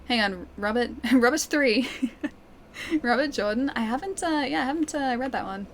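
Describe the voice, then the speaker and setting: A chatty Australian woman plays a game on a live stream and keeps up an easy back-and-forth with her chat. Her voice sits a little high, and she laughs often between remarks. A faint hum of room sound stays in the background. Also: lively intonation, moderate pace. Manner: chatty, laughs often, reads viewer comments aloud. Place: living room at home.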